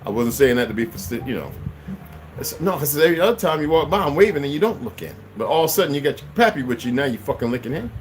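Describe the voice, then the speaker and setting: Angry profane man ranting loudly. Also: lively intonation, fast, a little hiss or hum. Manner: angry, profane, swings loud and high. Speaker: channel host. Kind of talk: profane rant to camera.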